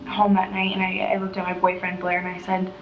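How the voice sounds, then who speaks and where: A woman's voice: fairly low pitch, completely flat delivery, fairly quick, muffled recording. A young woman telling an earnest, heartfelt personal story in a casual way. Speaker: interviewee recounting a rescue. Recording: echoey room with music behind.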